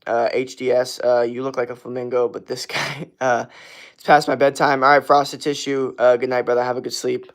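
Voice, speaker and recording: A man's voice: mid-range voice, flat delivery, normal speed. A man of twenty-one from Florida, hosting a casual livestream and answering chat questions in a laid-back, slangy way. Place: outdoors at night.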